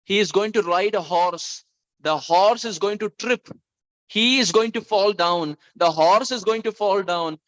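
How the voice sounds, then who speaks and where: Man doing a bunch of scheming ghosts, fairly high voice, dull dry lo-fi sound. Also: measured pace, a bit bright, no echo. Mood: gleeful. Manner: storyteller's plain narrating voice. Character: three gleeful male ghosts, plotting.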